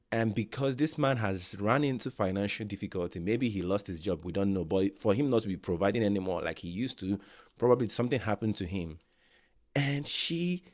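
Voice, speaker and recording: A man hosting a reaction video, talking emphatically and repeating his points for stress. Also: fairly low pitch. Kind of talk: casual reaction commentary.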